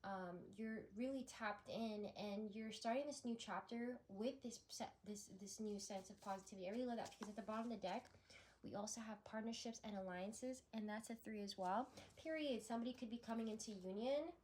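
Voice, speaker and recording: A woman's voice: mid-range voice, fairly even intonation, a little fast, darkish tone, slight background noise. A woman doing a spiritual tarot reading, talking in a rambling, effusive way with frequent restarts. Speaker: tarot reader.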